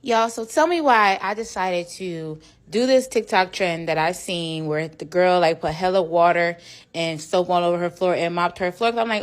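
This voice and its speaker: A woman's voice: mid-range voice, a little slow, fairly bright tone. A woman venting in a profane, exasperated rant over her cleaning clip. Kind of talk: ranting voice-over.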